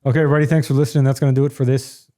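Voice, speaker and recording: A man's voice: mid-range voice, flat delivery, racing, dark tone. A middle-aged man hosting a casual podcast from home, blunt and ranting, with a joking streak. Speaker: podcast host.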